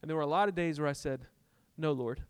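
A middle-aged man preaches a sermon, weaving a personal story and playing out his own heated exchanges with God. His voice sits a little high and swells into passionate peaks before dropping back to a softer tone. The recording is close and dry, with no room sound. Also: very fast, clear, resonant tone, no room sound. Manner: storytelling, acts out dialogue with God, rising to impassioned peaks. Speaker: pastor.

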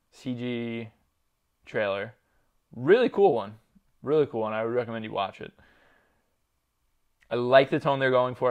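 A man's voice: medium pitch, smooth. A man co-hosting a casual podcast chat, rambling with lots of fillers, laughter and swearing. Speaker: podcast co-host.

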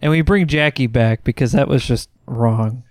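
A man co-hosting a podcast, excitable and laughing in casual chat. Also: mid-range voice, normal speed, dry recording. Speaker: podcast co-host.

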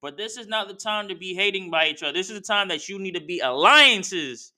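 A man's voice: sits high, animated, a little fast, pushed and bright. A man hosting a podcast, giving a slangy, heated commentary rant and talking straight to the people he discusses. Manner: slangy, heated, talks straight to wrestlers and fans. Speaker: podcast host. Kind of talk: casual wrestling commentary rant.

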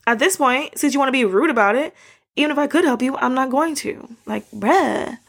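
Animated young woman with a gravelly edge. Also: high-pitched, brisk. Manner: animated, exasperated ranting with slang. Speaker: podcast host. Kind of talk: casual chat to listeners.

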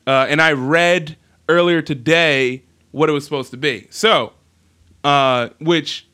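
Podcast host, male, Jersey accent, bright playful delivery. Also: fairly high pitch, slow, clear, resonant tone. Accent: New Jersey. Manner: animated, laughing, playful banter. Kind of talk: casual podcast chat.

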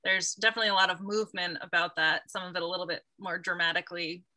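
A woman's voice: fairly low pitch, level tone, quick pace, bright, forceful tone. A woman hosting a podcast, chatting casually and supportively with her guest. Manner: supportive, laughs along, reflective. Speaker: podcast host. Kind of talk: casual interview chat.

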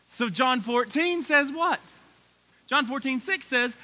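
Pastor, man, 30s: folksy, animated sermon delivery in a sanctuary, high bright voice with lots of swing. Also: moderate pace. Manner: animated, folksy preaching with rising excitement. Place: church sanctuary.

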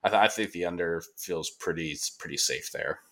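A man hosting a podcast, chatting casually about sports in a relaxed, laid-back way, with lots of fillers and the odd curse word. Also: low voice, fairly quick. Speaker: podcast host.

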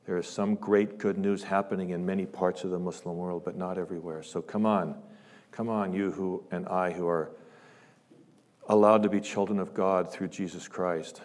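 A guest preacher with a lowish, steady voice and moderate pace delivers a fervent, impassioned sermon. He swells loud on scripture quotes and drops into hushed asides. The large sanctuary gives the recording a long church reverb.

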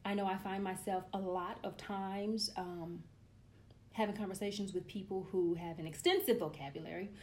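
A woman's voice: mid-range voice, fairly even intonation, moderate pace. A woman in her forties talking straight to her viewers in a casual monologue, blunt and profane, ranting with comic exasperation. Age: 40s. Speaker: vlogger.

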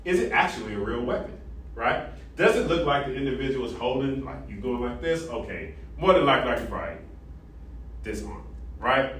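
A man lecturing an ethics class, animated and interactive, quizzing students and tagging sentences with "right?". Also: medium pitch, fairly quick, recorded from a distance, slight background noise. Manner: animated, asks the class questions, frequent "right?". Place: large echoey classroom. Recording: echoey classroom recorded from afar.

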